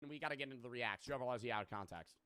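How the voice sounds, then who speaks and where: A man's voice: mid-range voice, rapid-fire, sharp tone, clean tone. A young man in casual live-stream reaction chat who rambles, jokes and swears freely.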